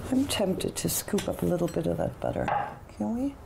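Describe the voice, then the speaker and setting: A woman's voice: lowish voice, animated, moderate pace, vocal fry, very noisy. A woman hosting a TV cooking show, chatting enthusiastically about the food and coaxing her guest to taste it. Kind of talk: casual chat on a TV cooking show.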